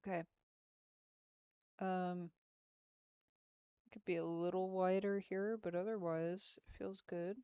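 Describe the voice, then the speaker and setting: Slow, giggly woman developer chatting. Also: fairly low pitch, little pitch movement, smooth, no echo. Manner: giggly, rambling. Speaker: game developer. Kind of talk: casual chat while working on a livestream. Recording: dull lo-fi stream audio.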